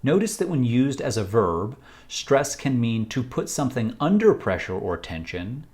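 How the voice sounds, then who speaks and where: A man with an American accent teaching English vocabulary in slow, deliberate explanations with example sentences, recorded outdoors while walking a trail. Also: medium pitch, big pitch swings, a little mellow.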